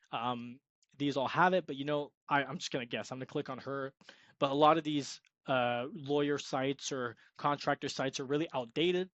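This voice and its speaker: A man's voice: fairly high pitch, a bit bright, dry recording, muffled recording. A young man giving an upbeat, salesy screen-share tutorial on freelance web design, sometimes acting out sample sales calls. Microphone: screen-recording mic.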